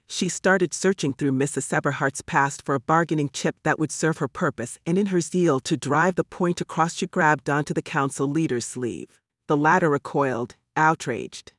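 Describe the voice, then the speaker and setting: A man narrating a story in a measured, storytelling manner, lightly voicing the characters. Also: fairly high pitch, no room sound, studio quality. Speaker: audiobook narrator. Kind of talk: scripted narration.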